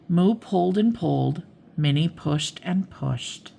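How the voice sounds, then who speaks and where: An older woman reading a bedtime story aloud in a slow, gentle manner. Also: on the low side, animated, vocal fry, slight background noise.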